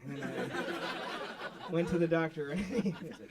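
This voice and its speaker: A man doing a stand-up comedy set, telling stories in an animated way that breaks into high excited shouts. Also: normal speed, noisy background. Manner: animated storytelling, shouting into squeaky high bursts when excited. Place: small live venue with audience. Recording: live club recording, mic at a distance, audience laughter.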